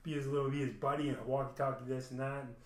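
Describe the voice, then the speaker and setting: A man's voice: medium pitch, level tone, rapid-fire. A young man casually telling a long personal story, rambling with many restarts and frequent swearing. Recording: roomy echo.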